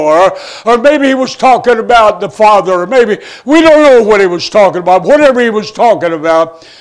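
A man preaching a sermon, retelling a story and stopping often on "and, uh" fillers. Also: high-pitched. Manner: storytelling, halting with many "and, uh" fillers.

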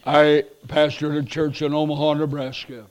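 A male pastor preaching a revival sermon, swinging between loud urgent passages and hushed pleading ones, with repeated phrases and halting restarts. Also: a little high, flat delivery.

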